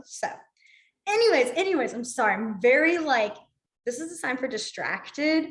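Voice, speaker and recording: A woman's voice: on the high side, sing-song, moderate pace, echoey room. A young woman teaching a sign language class online, chatty, apologetic and easily sidetracked, laughing often.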